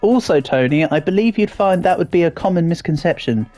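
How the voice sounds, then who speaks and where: An Englishman with a somewhat posh accent chats away on a livestream, his pitch bouncing up and down as he reacts to chat. He talks playfully and often trails off into ums before restarting a thought. Faint game music plays underneath. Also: expressive, a little fast, darkish tone. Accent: English, fairly posh southern English. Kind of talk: casual livestream chat while gaming.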